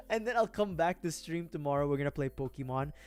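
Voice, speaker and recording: A man's voice: on the high side, lively intonation, normal speed, a little mellow, soft background music. A young man livestreaming as he builds a model kit, chatting loosely with viewers in a rambling, self-deprecating way, cursing casually and laughing often.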